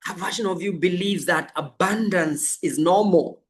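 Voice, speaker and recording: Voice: mid-range voice, moderate pace. A life coach giving a motivational coaching talk, emphatic and repeating affirmations over and over.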